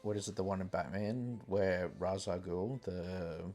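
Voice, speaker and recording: A very deep-voiced man chats casually on a podcast, mostly echoing and agreeing. Faint music sits under the voices. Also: measured pace, dark tone. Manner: short agreeing replies, echoes words. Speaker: podcast co-host. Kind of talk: casual chat.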